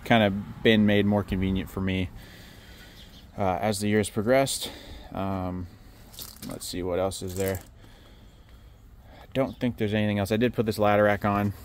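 A man talks in a low, level drone with almost no rise or fall, walking through his work setup outdoors. He is blunt and casual, curses easily, and slips in dry jokes about himself. Light outdoor noise sits under the voice. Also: normal speed, pauses often. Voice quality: monotone. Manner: blunt, casual, swears, dry self-mocking humor. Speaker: pressure washing business owner. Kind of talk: casual walkthrough vlog. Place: outdoors beside a work trailer.

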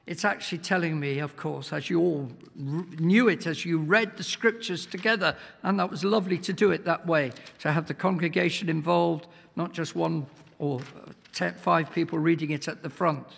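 A man preaches to a congregation in a high, gravelly voice. He pushes his points hard and sometimes nearly shouts. Long reverb rings around him in the church hall. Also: moderate pace. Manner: emphatic, swells to near-shouts, asks the congregation questions. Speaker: guest preacher. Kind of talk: sermon.

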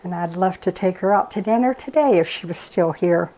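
A woman's voice: lowish voice, fairly quick, warm tone. An older woman telling rambling, folksy stories in a casual, chatty way while she cooks. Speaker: cooking show regular, host's mother. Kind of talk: casual storytelling while cooking.

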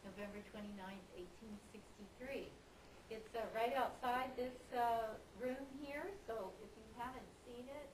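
A woman's voice: medium pitch, background noise. A woman, a museum assistant director, introducing a lecture speaker with frequent fillers in a museum lecture room. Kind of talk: event introduction. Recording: distant, roomy audience recording.

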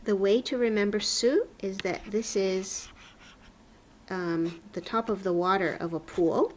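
A woman teaching a Japanese lesson in a slow, clear classroom manner, patiently repeating each sound distinctly. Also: mid-range voice, a little hiss or hum.

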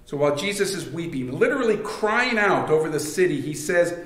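A pastor giving a sermon in a conversational way, with many fillers and restarts. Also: male voice, fairly high pitch, animated, brisk, few pauses, fairly bright tone. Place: church sanctuary. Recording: echoey church room.

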